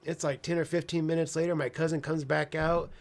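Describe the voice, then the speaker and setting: A man talks through a personal story in a loose, unscripted monologue. He is blunt and profane, trailing off and circling back, with dry sarcastic asides. His voice sits a little higher than most men's. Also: level tone, fairly quick, vocal fry. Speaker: host.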